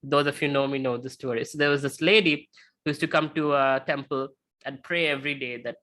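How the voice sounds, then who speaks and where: Bright-voiced male lecturer. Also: medium pitch, fairly even intonation, fairly quick. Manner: conversational, checks in with frequent "right?"; tells illustrative stories. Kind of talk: lecture with slides.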